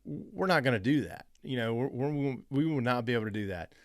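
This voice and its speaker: A man's voice: medium pitch, brisk, no echo. Man, casual storytelling, re-enacts calls, resonant voice, dry recording. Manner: animated, re-enacts phone calls in quoted voices. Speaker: real estate investing host.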